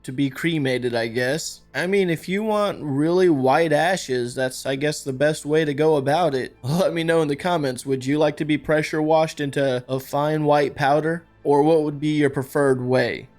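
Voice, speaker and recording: Male host, fairly high voice, casual reaction commentary, amused, faint music behind. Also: moderate pace, few pauses, darkish tone.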